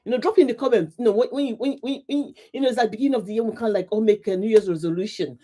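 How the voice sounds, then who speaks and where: A middle-aged woman coach hosts a live motivational stream, talking very fast in a fairly high, dark-toned voice. She's emphatic and repetitive, laughing often as she greets her viewers.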